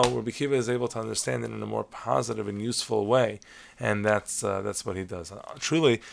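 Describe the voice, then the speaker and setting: Gravelly-voiced man teaching a Torah lesson. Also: mid-range voice. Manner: measured, explanatory, sprinkles Hebrew terms. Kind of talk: lecture-style lesson on Talmud stories.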